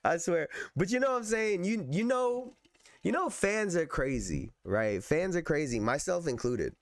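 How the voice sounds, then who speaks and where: A man hosting a podcast in a loose, laughing chat, his voice hoarse and still recovering, repeating his own lines as he goes. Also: fairly high pitch, animated, moderate pace, no room sound, clean studio sound. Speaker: podcast host. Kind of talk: casual chat.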